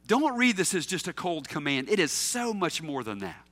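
A man delivers a sermon with an emphatic, teacherly manner, firing rhetorical questions at his listeners. His voice sits high and sounds bright, with lively swings in pitch. A long reverb from the hall trails after his words. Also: moderate pace, hardly any pauses. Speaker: pastor.

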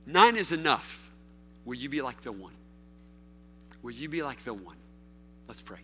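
A man preaching a sermon as pastor, rising to loud calls and dropping to a hush, putting question after question to his listeners. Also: mid-range voice, very animated, measured pace, pauses often, slightly rough. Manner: preaching with sweeping swings from loud to hushed; calls out rhetorical questions to the congregation.

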